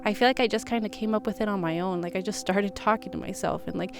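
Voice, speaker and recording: A young woman in a casual vlog, talking gently and reflectively about kindness to herself, with soothing asides. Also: medium pitch, fast talker, vocal fry, music in the background. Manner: gentle, reflective, soothing when quoting self-talk. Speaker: vlogger. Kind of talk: casual self-help talk to camera.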